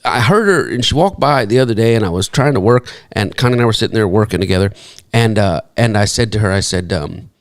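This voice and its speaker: A man's voice: lowish voice, fast. A man giving a talk, telling stories in a folksy, conversational way and acting out the dialogue. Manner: animated storyteller who acts out quoted dialogue. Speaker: speaker. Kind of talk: storytelling talk to an audience.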